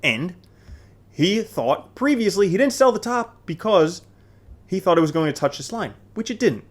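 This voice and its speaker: Man, fairly high voice, casual crypto chart commentary, conversational, questions himself. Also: sing-song, normal speed.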